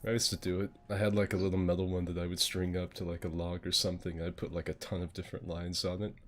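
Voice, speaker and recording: A man's voice: deep voice, little pitch movement, fast talker. A man in casual chat, rambling through a story with lots of filler words and laughing mid-sentence.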